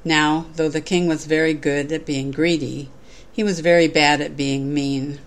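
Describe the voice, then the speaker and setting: A woman giving a sermon, reading a story aloud in a measured, clear way. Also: deep voice, level tone.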